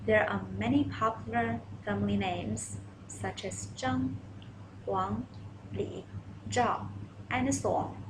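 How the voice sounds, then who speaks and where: A woman from China with a Mandarin Chinese accent, teaching a beginner's online Chinese lesson and slowly repeating phrases for learners to copy. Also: mid-range voice, noisy background.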